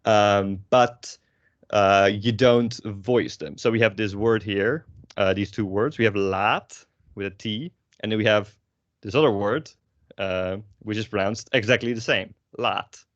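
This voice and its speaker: A young Dutch man with a Dutch accent, teaching pronunciation in a relaxed, rambling way with casual swearing and lots of fillers. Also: lowish voice, unhurried, no echo, muffled recording. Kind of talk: casual language lesson.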